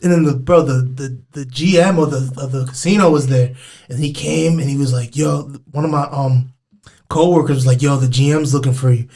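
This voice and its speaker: A young man hosting a podcast, telling stories in a lively, slangy way. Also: medium pitch, normal speed, gravelly. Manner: animated storyteller, lively slangy delivery. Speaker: podcast host. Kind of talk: casual conversational interview.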